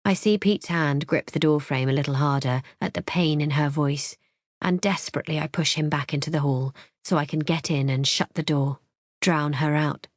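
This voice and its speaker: Low-voiced woman narrating a thriller. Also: steady tone, dry recording, studio quality. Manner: measured, tense storytelling. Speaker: audiobook narrator. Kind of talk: first-person audiobook narration.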